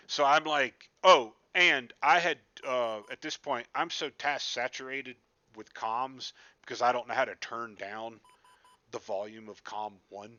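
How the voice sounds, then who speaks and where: Bright-voiced man telling a rambling story. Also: medium pitch, a little slow, dry recording, muffled recording. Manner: self-deprecating, rambling, swears freely. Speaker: flight sim gamer recounting a session. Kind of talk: casual storytelling over gameplay.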